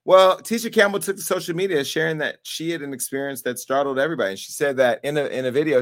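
A man hosting a call-in talk show, joking and animated as he chats and laughs often. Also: mid-range voice. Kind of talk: casual chat.

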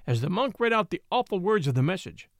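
A man narrating a historical tale in an expressive, theatrical storytelling manner. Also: high-pitched, quick pace, gravelly, no echo, clean studio sound. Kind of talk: dramatic audiobook narration.

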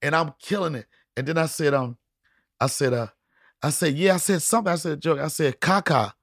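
Middle-aged comic guy, gravelly, lots of laughing and cussing, dead dry sound. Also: a little high, a little fast, no room sound. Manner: animated, laughing, loud punchlines, profane slang. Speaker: comedian guest. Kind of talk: casual storytelling chat.

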